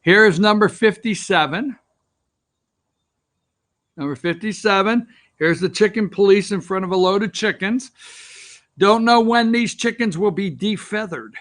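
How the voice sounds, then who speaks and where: A man's voice: high voice, measured pace, long pauses, fairly bright tone. A man hosting an opinion talk show, ranting with sarcastic, rambling asides.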